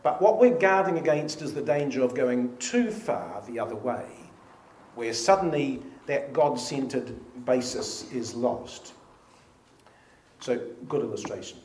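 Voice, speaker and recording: A man's voice: medium pitch, animated, unhurried, a little mellow. A man leading a church study meeting, reading hymn and psalm lines aloud with emphasis. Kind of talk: informal Bible study talk. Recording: echoey room with faint hiss.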